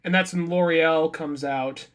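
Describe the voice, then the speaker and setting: A man's voice: a little high, steady tone, measured pace, a bit bright, clear, resonant tone. A young man co-hosting a casual podcast, cracking crude jokes and trailing off to correct himself. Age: young adult. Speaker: podcast co-host.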